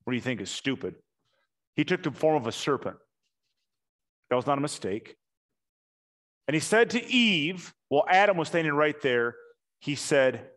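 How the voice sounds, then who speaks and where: A man preaching a sermon, telling the story with animated emphasis and slowing down hard on key points. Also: on the high side. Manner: animated storytelling, acts out quotes, emphatic slow punchlines.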